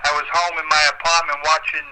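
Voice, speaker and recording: A man's voice: on the high side, level tone, fast, background noise. An older man, a retired boxer, telling long stories in an interview with many fillers. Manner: rambling storyteller, frequent uh fillers. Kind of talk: storytelling interview.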